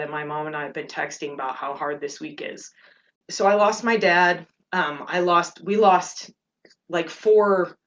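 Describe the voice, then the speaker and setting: A middle-aged woman hosting a meditation podcast, talking gently and candidly about her feelings. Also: low-pitched. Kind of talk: personal reflective talk.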